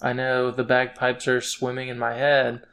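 A man's voice: medium pitch, monotone, moderate pace, a bit bright. A man playing a tabletop game, wry and mild in his remarks. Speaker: player. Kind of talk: casual tabletop play.

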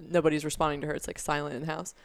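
A woman's voice: low voice, flat delivery, very fast. A young woman co-hosting a podcast, telling a story in a chatty way with lots of fillers. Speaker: podcast co-host. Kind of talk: casual chat.

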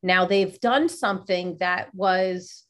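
A woman's voice: on the low side, takes it slowly, a bit bright. A woman hosting a casual interview, asking long, rambling questions full of fillers. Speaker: podcast host.

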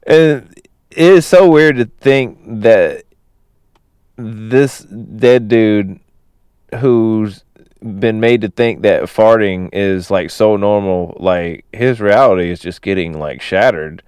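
A man recounts a film plot in a loose, rambling way, full of fillers and little chuckles. His voice sits fairly low and sounds smooth and clear. The recording is dry and close, with no room sound. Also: slow pace, a little mellow, no room sound. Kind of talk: casual film plot retelling.

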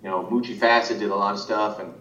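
A man speaks fast with a sharp tone and fairly even intonation, far from the microphone. As an animation director in a casual interview, he rambles with many fillers and restarts, and the off-mic sound is roomy and muffled with faint rumble.

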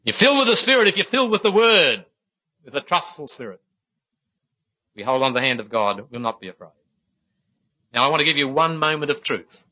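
Bright, lively-voiced male preacher. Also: fairly high pitch, fairly quick, pauses often, lo-fi sound. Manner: earnest, folksy, addresses listeners as "my friends". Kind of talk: sermon with stories.

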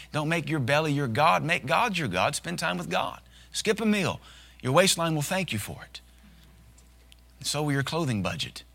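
A male pastor preaching a sermon in a folksy, humorous way, slipping into quick acted asides. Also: mid-range voice, bright, forceful tone.

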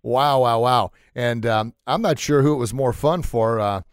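A man hosting a podcast interview in a small sound room, excitable and quick to laugh, often stumbling over his words. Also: medium pitch, smooth, no echo, studio quality. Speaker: podcast host. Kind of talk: casual chat.

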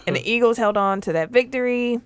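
A woman's voice: on the high side, quick pace, clear, resonant tone. A woman hosting a casual sports talk show, reading out game news and joking with her co-hosts. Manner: reads out news items, then jokes along.

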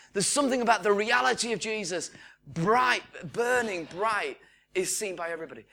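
Bright-voiced man preaching. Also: high-pitched. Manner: lively storytelling, acts out quoted voices. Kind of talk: sermon.

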